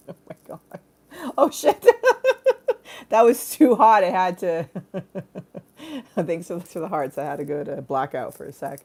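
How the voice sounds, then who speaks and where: A woman's voice: on the low side, slow pace, pauses often, a little mellow, slightly rough. A young adult woman hosting a casual live stream, rambling with bawdy jokes and frequent giggles. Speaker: livestream host.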